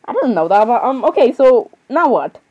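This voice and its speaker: A woman's voice: a little high, sing-song, moderate pace, lo-fi sound. A teenage girl casually reacting and commenting, rambling and saying sorry over and over with giggles. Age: teens. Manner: chatty, rambling, keeps apologizing with giggles.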